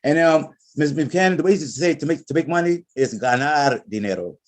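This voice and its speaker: A man's voice: on the high side, lively intonation, a little fast. A man teaching a Spanish class, correcting students patiently and repeating his words. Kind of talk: online class instruction.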